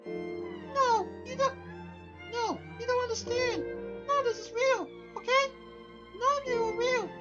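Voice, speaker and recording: A woman voicing a distraught young schoolgirl who speaks quietly through sobs, in a visual novel. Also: very high voice, lively intonation, measured pace, long pauses. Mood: despairing. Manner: sobbing, quiet and pleading. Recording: dull lo-fi game audio over music.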